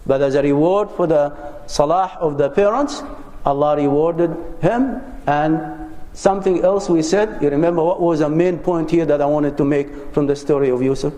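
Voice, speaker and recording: Guy teaching a class, earnest and chatty, mellow higher voice, big echoey hall. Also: moderate pace. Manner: earnest, conversational, shares personal anecdotes. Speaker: religious teacher. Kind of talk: lecture on parenting. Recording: roomy hall with long reverb.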